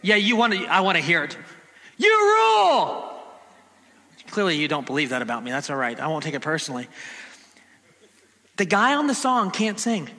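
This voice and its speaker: A man's voice: fairly high pitch, very animated, fast talker, bright, forceful tone. A man in his forties preaching a sermon in a playful way, bursting into bits of jingles for the congregation. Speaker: pastor. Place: church sanctuary. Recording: long church hall reverb.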